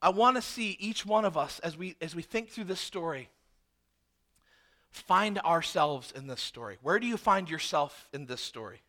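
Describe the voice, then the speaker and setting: A male pastor preaching a sermon, animated and acting out the people in the story. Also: high-pitched. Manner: animated, acts out characters.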